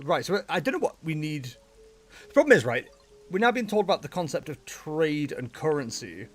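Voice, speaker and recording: Chatty man streaming a game. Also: fairly high pitch. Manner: chatty, animated, laughs often, talks to chat and game characters. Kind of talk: casual livestream chat.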